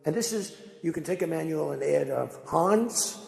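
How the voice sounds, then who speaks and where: Brief: boastful rambling male speaker, gravelly, slightly high voice, echoey hall reverb. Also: animated, normal speed, a little mellow. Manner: boastful, digressive, acts out dialogue. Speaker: public speaker at a press event. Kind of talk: rambling off-the-cuff speech.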